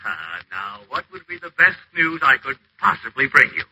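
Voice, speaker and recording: An actor playing a bumbling, eager-to-please small-town doctor who chuckles and gushes, in 1940s radio acting. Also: male voice, mid-range voice, sing-song, moderate pace, sharp tone, breathy edge, full character voice, low-quality recording. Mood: effusive. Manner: chuckling, fussy, effusive.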